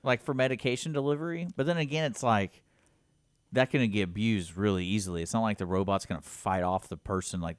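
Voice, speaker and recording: A man with a fairly low voice co-hosts a talk radio show, speaking in a rambling, easygoing way. He often restarts his sentences and fills them with "I mean" and "like." The recording is dry and close. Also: a little fast, clean tone, no echo. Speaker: co-host. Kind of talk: casual radio chat.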